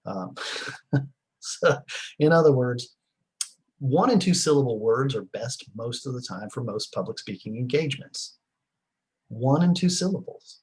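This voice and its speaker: A man's voice: medium pitch, darkish tone, slightly rough, poor audio. A middle-aged man giving a recorded class lecture in a rambling, conversational way, with many fillers and restarts. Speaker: teacher.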